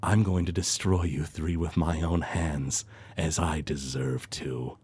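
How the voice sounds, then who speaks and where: A man's voice: a bass voice, steady tone, unhurried, a little mellow, husky, voice pushed down, exaggerated voice. A man doing a ranting villain cult leader. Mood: gloating menace. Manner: desperate, then gloating.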